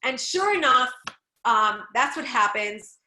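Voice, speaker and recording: A woman giving a Torah class, telling the story with lively, expressive delivery and acting out the people she quotes. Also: high-pitched, slow, reverberant. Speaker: Torah teacher.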